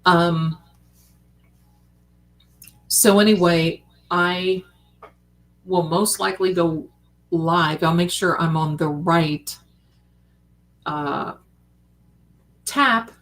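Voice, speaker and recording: A woman hosting a casual late-night livestream, chatty and animated, calling her viewers darlings. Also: lowish voice, drawn-out words, long pauses. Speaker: livestream host.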